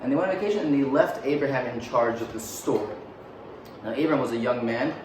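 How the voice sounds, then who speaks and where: A man's voice: mid-range voice, fast, background noise. A man telling a story in a casual, joking way, with frequent fillers and offhand asides. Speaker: teacher. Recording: roomy echo, mic far off, faint ambience.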